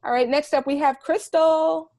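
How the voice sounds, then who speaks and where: A woman's voice: high-pitched, fairly even intonation, normal speed, dark tone, no room sound, clean studio sound. A woman hosting a podcast panel in an upbeat, enthusiastic way, speaking over a video call. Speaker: panel host.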